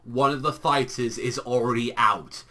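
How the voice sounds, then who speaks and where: Bright-voiced young man, profane ranting. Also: mid-range voice, moderate pace. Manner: swearing, exasperated and animated. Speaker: anime reviewer. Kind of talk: casual reaction rant.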